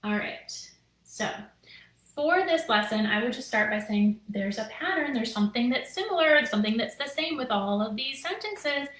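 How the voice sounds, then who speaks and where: A teacher and curriculum creator in her thirties talks to the camera in a casual teaching video, explaining lessons in a chatty, upbeat way packed with fillers and "right?". Her voice is on the high side, expressive, and a bit bright at a moderate pace. The low-quality recording sounds roomy.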